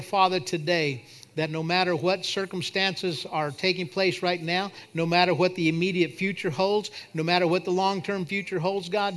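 A man preaching a sermon and leading a prayer at a church service, swinging from loud declarations to quiet prayer. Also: a little high. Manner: preaching, rising to shouts then dropping to a soft prayer. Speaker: pastor.

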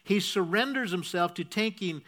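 A pastor's sermon unfolds as a step-by-step lesson, punctuated by frequent "okay?"s and requests for the congregation to repeat. He speaks at normal speed in a high-pitched, fairly bright voice.

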